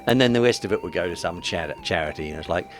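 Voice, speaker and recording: Male author, deep-ish voice, casual rambling vlog tone. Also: expressive, quick pace, faint music behind. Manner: rambling, self-deprecating, wry asides. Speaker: author promoting his book.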